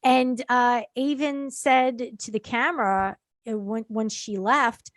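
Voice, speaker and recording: A woman co-hosting a casual show recap, agreeable and quick with affirmations. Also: on the high side, steady tone, no room sound, studio quality. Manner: agreeable, frequent affirming interjections. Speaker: podcast co-host.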